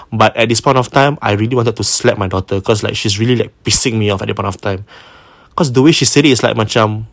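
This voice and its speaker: A man's voice: lowish voice, dry recording. A man with a Singaporean English accent, hosting and retelling a listener's ghost story in a casual way, mixing in Malay words and acting out the quoted people.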